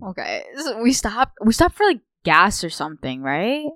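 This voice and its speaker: A young woman co-hosting a podcast, telling a story in a profane, animated way. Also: medium pitch, normal speed, dry recording. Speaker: podcast co-host. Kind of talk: casual chat.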